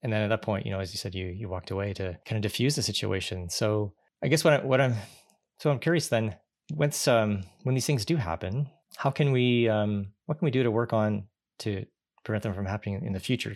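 A man in his forties hosting an interview, talking in a reflective way and often restarting his sentences. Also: on the low side. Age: 40s. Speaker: podcast host. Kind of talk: conversational interview.

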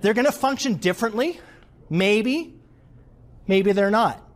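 A man giving an interactive leadership workshop to a live audience, animated and quizzing the room. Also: high-pitched, a little slow. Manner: animated, asks the audience questions.

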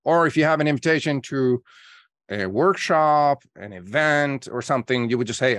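A man with a medium-pitched voice is a guest on a podcast, talking as a marketing coach. He explains at length and acts out example phone calls in quoted voices. The sound is close and dry, with no room echo. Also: normal speed. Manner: energetic storyteller acting out calls in quotes. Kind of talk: podcast interview.

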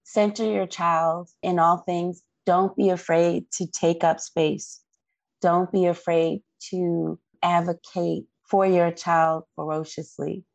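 Low, gravelly woman telling an earnest story. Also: no room sound, muffled recording. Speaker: guest parent. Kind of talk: interview storytelling.

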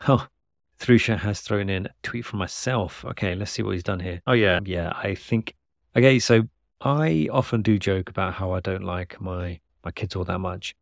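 Low gravelly man chatting. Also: normal speed, no room sound, studio quality. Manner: chatty, rambling, self-deprecating with frequent restarts. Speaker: podcast host. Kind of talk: casual podcast chat about tweets.

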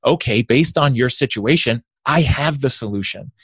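Energetic man explaining sales tactics. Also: mid-range voice, husky, no echo. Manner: energetic, explains with quick asides and acted-out quotes. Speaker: sales consultant guest. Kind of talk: podcast interview.

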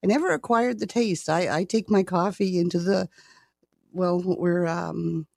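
A woman's voice: fairly low pitch, measured pace, vocal fry, darkish tone, no room sound. A chatty retired woman from Canada, talking casually with frequent laughter. She often stumbles over the first word of a sentence. The sound is close and dry, with no room around it. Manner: chatty, laughs often, repeats words when starting. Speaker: interview guest. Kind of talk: casual conversation.

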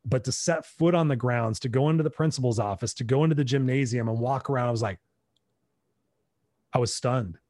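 A middle-aged man from the United States, a guest in an interview, tells a personal story and animatedly acts out his own past dialogue. His mid-range voice moves fairly quickly and sounds a little mellow. The studio recording is clean, with no room sound.

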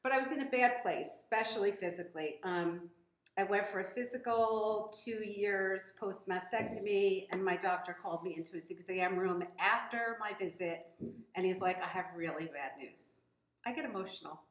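A woman's voice: mid-range voice, normal speed. A woman, a guest on a podcast, telling her personal story in a chatty, emotional way. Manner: chatty, emotional, laughs easily. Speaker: podcast guest, gym member. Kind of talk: casual storytelling. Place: audio-only podcast recording. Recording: echoey room.

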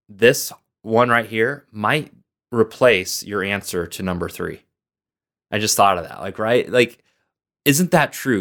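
A man with a somewhat low voice hosts a motivational podcast. He speaks as a coach, earnest and encouraging, leaning into his words with lively emphasis.

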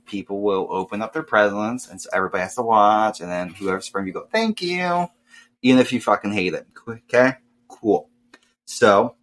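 A young man telling a casual, profane story and acting out loud voices. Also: lowish voice. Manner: swears often, acts out voices loudly.

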